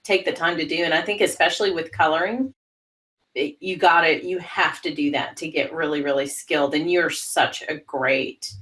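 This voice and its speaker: A woman's voice: low voice, fairly even intonation, normal speed, fairly bright tone. A woman hosting a casual interview, asking questions and encouraging her guest in a conversational way. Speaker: host, interviewer.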